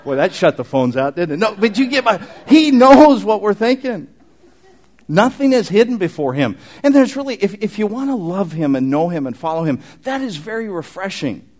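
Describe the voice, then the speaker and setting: Male pastor, middle-aged, animated conversational sermon, slightly higher voice. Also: brisk, hardly any pauses. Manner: animated, conversational preaching with asides to the congregation.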